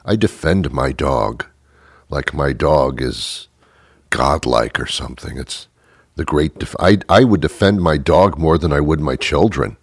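A man doing a rambling stand-up comedy monologue, slipping into quick character voices for his bits. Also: rumbling low, breathy edge, dry recording, studio quality.

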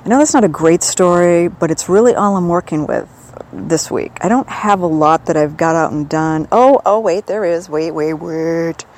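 A woman's voice: lowish voice, moderate pace, darkish tone, low-quality recording. A woman from the northern United States, chatting in a digressive, self-amused way into a handheld recorder for her audio diary. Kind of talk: rambling personal audio diary.

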